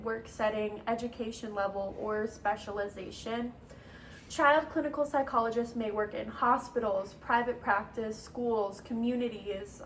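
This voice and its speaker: A woman's voice: a little high, slight background noise, poor audio. Hesitant young woman presenting in class. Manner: hesitant, frequent ums and uhs. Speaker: student presenter.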